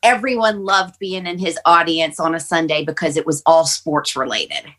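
Low-voiced reflective woman telling a story. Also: normal speed, fairly bright tone. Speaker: podcast guest. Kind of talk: personal storytelling on a panel podcast.

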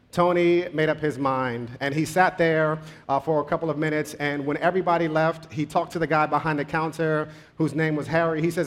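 A man preaching a sermon, telling a story conversationally with pace that speeds up and slows down. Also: on the high side, steady tone.

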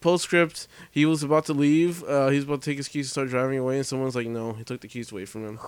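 Brief: mid-pitched, rambling co-host, dry close mic, loose and profane. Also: fairly even intonation, quick pace, clean tone, no echo. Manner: rambling, swears freely. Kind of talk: casual crude storytelling chat.

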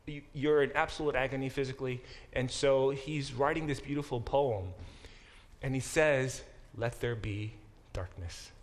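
A man teaching a Bible class as a professor, thinking aloud with restarts and slowing down to sound out Hebrew words. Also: mid-range voice. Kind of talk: classroom lecture.

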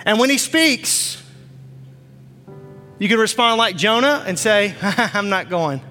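Pastor, man in his 40s, very high bright voice, fervent repetitive preaching, reverberant church, faint music under. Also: takes it slowly. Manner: impassioned preaching, repeats phrases. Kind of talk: sermon. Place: church stage.

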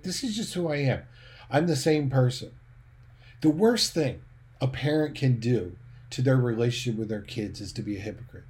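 A middle-aged former pastor giving a sermon-like teaching talk. His voice sits at an ordinary male pitch. He swings between loud, emphatic bursts and quiet, dropped asides, and sometimes rushes his words. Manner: fast-talking at times.

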